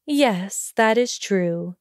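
A woman voicing a calm, steady older headmistress witch in a storybook reading, speaking evenly and measuredly. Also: mid-range voice, no echo, clean studio sound. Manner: even, measured delivery.

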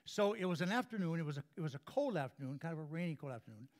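Folksy preacher man, slightly high voice. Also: expressive, rapid-fire. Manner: folksy storyteller, repeats and restarts words, chuckles at own jokes. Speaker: guest preacher. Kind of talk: sermon with a humorous story. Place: church before a congregation.

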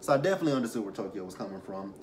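A man's voice: on the low side, expressive, racing, slight background noise. A young man reviewing a reality show, rambling and self-correcting as he tells emotional personal stories. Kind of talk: casual commentary with personal stories.

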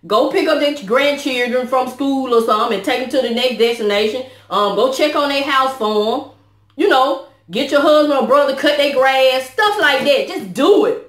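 A woman's voice: sits high, normal speed, a bit bright. Earnest woman vlogging in an echoey room. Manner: earnest, preachy, Southern US dialect features. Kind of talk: testimony vlog.

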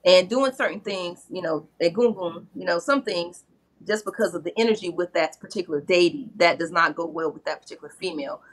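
A woman's voice: lowish voice, brisk. A middle-aged woman, a spiritual practitioner, earnestly retelling sacred myths in casual conversation. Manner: earnest, retells myths and slips into quoted voices.

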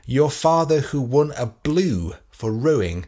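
A man reads the part of a middle-aged English detective who presses his questions in a cool, measured way. The voice is slightly husky and the pitch moves about lively as he builds his case. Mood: cold.

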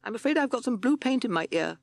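A man voicing a timid young male toad in a storybook reading, squeaky and anxious, asking to have things repeated. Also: lively intonation, fast, creaky, no room sound, heavily acted. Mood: bewildered. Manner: squeaky, anxious, asks again.

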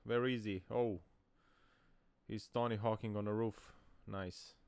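A man commenting on dashcam clips in a casual, mocking way, laughing often and shouting out now and then. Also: lowish voice, fairly even intonation, a little slow, vocal fry, smooth, no echo. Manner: mocking, laughs often, sudden loud exclamations.

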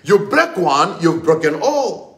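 A man's voice: on the high side, very animated, measured pace, fairly bright tone, reverberant. A man preaching a sermon with emphatic, repetitive delivery and rising exclamations.

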